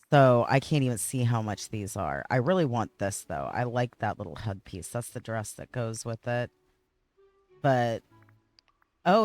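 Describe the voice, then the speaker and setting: Rambling male game streamer with a smooth, clear voice, recorded close and dry on a desk mic. He talks casually through his gameplay and keeps correcting himself. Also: medium pitch, no room sound. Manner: rambling, chatty, self-correcting. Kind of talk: casual gameplay livestream chat.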